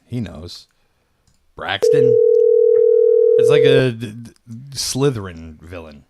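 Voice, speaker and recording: A man's voice: medium pitch, expressive, measured pace, very noisy. A man hosting a casual livestream, offhand and trailing off into mumbles. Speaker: streamer host.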